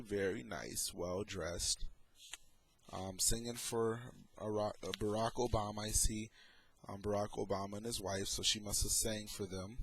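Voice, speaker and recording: A man's voice: lowish voice, a little hiss or hum. A middle-aged man talking in a casual, sarcastic way as he comments on photos and his own troubles. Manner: sarcastic, slow and deliberate. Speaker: vlogger.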